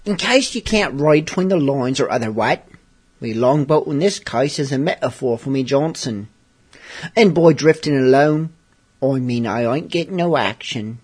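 A man putting on a pirate voice to play a lonely, mopey pirate, reciting comic verse slowly and mock-solemnly. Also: medium pitch, lively intonation, a little mellow, slightly rough.

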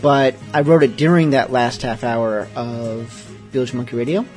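A man's voice: medium pitch, unhurried, darkish tone, faint music behind. A man hosting a late-night radio show, talking casually with rambling, self-deprecating asides. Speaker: host.

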